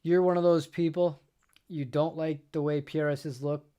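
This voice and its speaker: Guy with a slightly high voice rambling on a stream, lots of I-I-I restarts and little laughs. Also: flat delivery, normal speed, dark tone, clear, resonant tone. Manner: rambling, stammers and repeats words, laughs often. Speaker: host of a guitar channel. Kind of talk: casual live-stream chat.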